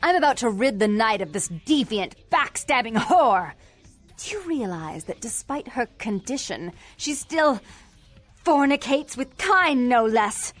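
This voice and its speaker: A woman's voice: a little high, sing-song, a little slow, faint music behind. A woman voicing two feuding vampire sisters in a video game, contemptuous and dramatic. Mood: spiteful.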